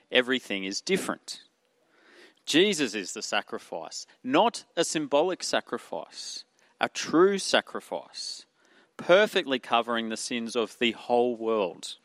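A man's voice: mid-range voice, a bit bright, dry recording. Australian man preaching a sermon, dry sound. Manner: earnest, uses rhetorical questions and fillers.

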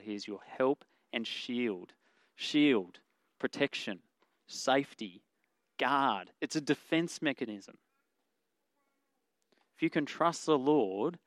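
A man's voice: medium pitch, a bit bright, no echo. Earnest man preaching, dry close sound. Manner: earnest, conversational preaching with fillers and self-corrections. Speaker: pastor. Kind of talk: sermon.

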